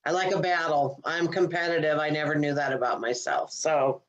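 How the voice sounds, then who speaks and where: A woman's voice: low voice, steady tone, normal speed. Upbeat chatty woman on a muffled mic. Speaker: podcast co-host, comedian. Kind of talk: casual chat.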